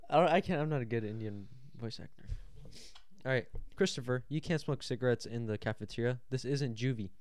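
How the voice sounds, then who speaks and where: A man's voice: mid-range voice, fairly quick, no room sound. A young man co-hosting a casual podcast, playful and self-mocking while playing a card game. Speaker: podcast co-host.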